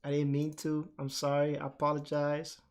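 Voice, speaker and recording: Loud guy hosting a live stream, voice a bit high, laughs a lot, desk mic. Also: completely flat delivery, normal speed. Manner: loud, laughing, talks while drawing. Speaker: streamer host. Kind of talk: casual chat. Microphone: desk mic with gain turned up.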